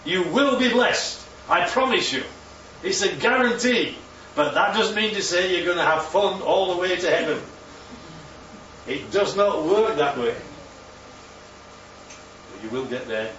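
A man preaching a sermon, animated and full of rhetorical questions, his voice leaping up for emphasis. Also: sits high, unhurried, a little hiss or hum. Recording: roomy, distant, dull sound with faint ambience.

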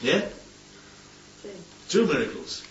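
A man's voice: fairly high pitch, huge pitch swings, slow pace, a little hiss or hum. A man preaching an informal Bible-study sermon, chatty and playful, often checking in with "yeah?". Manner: chatty, keeps asking "yeah?", playful asides. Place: church hall with congregation. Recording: distant, roomy, dull hall recording.

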